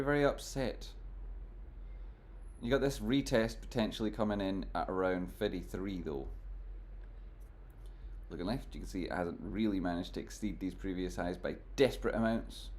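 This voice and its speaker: A man doing live stream commentary on trading charts, talking to his chat in a jokey, theatrical way that swings between mock gloom and loud exclamations. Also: sits low, moderate pace, long pauses. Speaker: stock market streamer.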